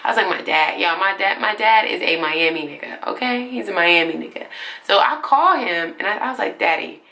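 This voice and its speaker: Young woman storyteller from Atlanta, gravelly bright voice, chatty and animated, y'all-heavy. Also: medium pitch, brisk. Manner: animated, slangy, addresses viewers as y'all. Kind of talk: casual storytime vlog.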